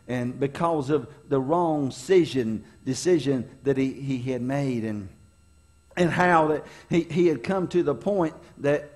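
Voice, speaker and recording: A middle-aged pastor from preaches with a notably high-pitched man's voice. He tells folksy, funny stories from his own life, rising and dropping for dramatic effect as he draws the lesson. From North Carolina, US. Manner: folksy, humorous storyteller with dramatic swings in delivery. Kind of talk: storytelling sermon.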